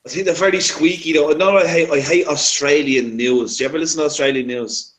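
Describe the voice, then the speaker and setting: Man with a higher voice, swearing freely. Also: brisk, fairly bright tone. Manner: profane, laughing. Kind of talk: casual banter.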